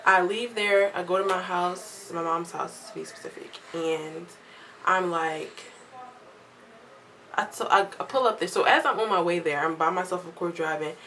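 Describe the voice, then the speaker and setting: A woman's voice: fairly low pitch, normal speed, a little hiss or hum, low-quality recording. Chatty young woman telling a story. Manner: chatty, animated quoting of others, laughs often. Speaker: vlogger. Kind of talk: casual storytime.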